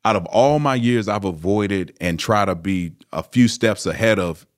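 A man with a fairly low voice tells a personal story as an interview guest. He talks in a loose, animated way, often restarting his sentences and filling gaps with "you know" and "uh.". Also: normal speed. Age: 30s or older. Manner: animated, frequent fillers and restarts. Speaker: interview guest, former pro football player. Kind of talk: casual storytelling.

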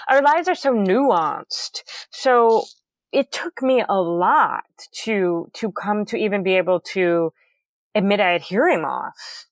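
A middle-aged woman guest in a casual interview, talking candidly with a loud, booming voice and careful enunciation. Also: animated, takes it slowly, no room sound.

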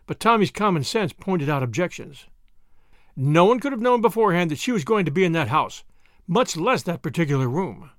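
A man reading a novel aloud as a narrator, with steady storytelling. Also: fairly high pitch, a little fast, no echo, studio quality. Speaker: audiobook narrator. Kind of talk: scripted narration.

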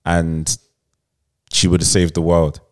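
A man with a low, smooth, resonant voice. He co-hosts a casual podcast chat, rambling through a story with plenty of "um"s and little laughs. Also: monotone, slow, darkish tone. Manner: rambling, many fillers, laughs while telling. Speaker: podcast co-host. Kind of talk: casual chat, retelling a show's plot.

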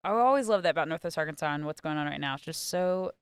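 A woman's voice: sits low, animated, rapid-fire, clear, resonant tone, no echo. A woman co-hosting a podcast, bubbly and chatty in casual conversation. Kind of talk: casual chat.

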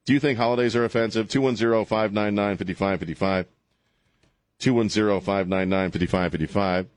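A middle-aged man hosting a talk radio show, ranting sarcastically and slipping into mocking high voices. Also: steady tone, a little fast, no room sound.

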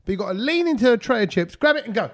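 Animated man in playful banter. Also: very high-pitched, rapid-fire. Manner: playful, animated banter, does bird noises. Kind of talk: casual chat.

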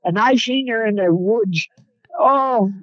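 A man's voice: high voice, slow, dry recording, dull audio. A man telling rambling, folksy hunting stories in casual chat. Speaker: guest, coon hunter. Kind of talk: casual storytelling on a phone-in. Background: on a road, seeing a deer across it.

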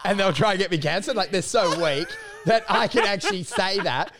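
A man's voice: sits high, lively intonation, brisk, a crowd in the background. Rowdy laughing Australian man. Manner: rowdy, laughing, swearing, mock voices. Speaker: comedian podcast co-host. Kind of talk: casual chat.

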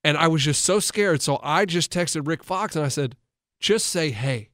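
Sports-talk co-host, male, highish voice, dry close mic, animated stop-start storyteller. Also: moderate pace, no echo. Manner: animated storyteller, retells others' words with many restarts. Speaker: coach and co-host. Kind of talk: casual sports talk chat.

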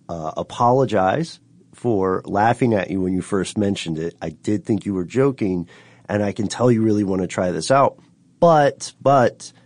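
Man, podcast co-host, low pitch, teasing, animated, dry recording. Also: no echo. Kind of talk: casual chat.

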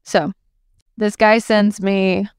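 A woman coach speaks straight to other women in a candid, affirming motivational talk. Her voice is very smooth and clear, with a gravelly fry edging into her phrases. She keeps it casual and scattered with fillers, and the sound is close and dry. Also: medium pitch, level tone, slow pace, no room sound.

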